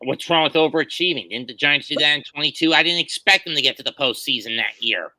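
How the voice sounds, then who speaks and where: A regular guest on a sports talk show, a man complaining colorfully about his struggling team. His voice is sharp and very bright, and sits a little high. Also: fast, poor audio. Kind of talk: casual sports chat.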